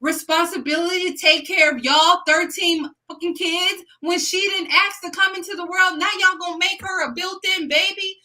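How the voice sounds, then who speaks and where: A woman hosting a livestream, ranting in an animated, slangy casual chat. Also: extremely high pitch, moderate pace, few pauses, rough recording. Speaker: livestream host.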